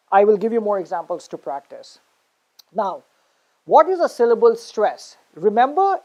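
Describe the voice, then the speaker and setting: A woman's voice: medium pitch, darkish tone, low-quality recording. A woman teaching a spoken English class, explaining step by step in an encouraging way with many fillers. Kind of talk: online spoken English lesson.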